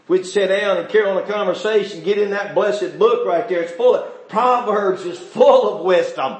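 A man preaching a sermon, calling out to the congregation and asking them questions, swinging between shouting and quiet asides. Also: high-pitched, moderate pace, roomy sound. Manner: fervent, calls out to the congregation and asks them questions.

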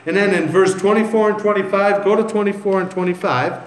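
A man's voice: high voice, brisk, hardly any pauses. A man preaching a sermon, reading scripture aloud and then telling stories in a loose, conversational way. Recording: echoey room with faint ambience.

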